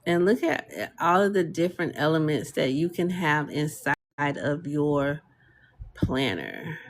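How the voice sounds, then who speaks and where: A woman with a low, animated voice and a slightly slow pace hosts a casual live tutorial from her home desk, demonstrating a design tool. She chats with viewers and reads their comments aloud, with easy fillers and laughter.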